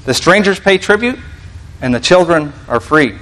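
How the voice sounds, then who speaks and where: Male preacher, somewhat high voice; conversational sermon, reads scripture and unpacks it casually. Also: expressive, normal speed, a bit bright, a little hiss or hum, rough recording. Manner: reads scripture aloud, frequent restarts, conversational asides. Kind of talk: sermon teaching.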